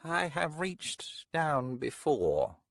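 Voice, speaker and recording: A man voicing a slow, solemn witch. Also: on the high side, big pitch swings, gravelly, no room sound, clean studio sound, pitched above the performer's own voice, full character voice. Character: cold-spoken female witch, priestess-like. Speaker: audiobook narrator. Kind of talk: audiobook character voice.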